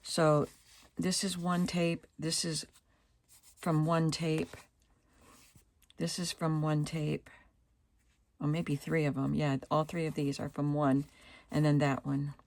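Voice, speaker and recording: A woman with a low, unhurried voice talks through her craft haul in a relaxed vlog. She thinks aloud as she goes and lingers over the pieces she likes. Her voice still has a slight morning roughness. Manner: slow and chatty, softly admiring, thinking aloud. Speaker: craft vlogger. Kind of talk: casual show-and-tell vlog.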